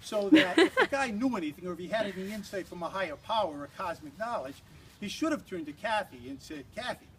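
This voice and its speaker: A man's voice: sits high, lively intonation, quick pace, bright, forceful tone. An older man giving a humorous toast at an engagement party, a rambling, teasing storyteller who restarts often.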